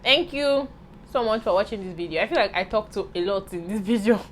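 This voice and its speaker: A woman's voice: medium pitch, a little fast. Young Nigerian woman, casual Q&A vlogger, playful and chatty, faint room noise behind. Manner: lively, playful, breaks into Yoruba and pidgin asides. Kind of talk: casual Q&A vlog chat.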